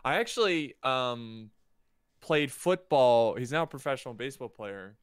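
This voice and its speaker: A man's voice: mid-range voice, animated, normal speed, clean tone, no echo, clean studio sound. A man as a podcast guest, talking casually about sports and his YouTube channel, often trailing off. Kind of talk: casual chat.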